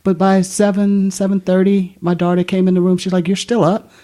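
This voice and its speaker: Woman guest, dark mellow tone, easygoing, laughs a lot, self-mocking. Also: lowish voice, flat delivery, a little fast. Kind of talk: casual conversation.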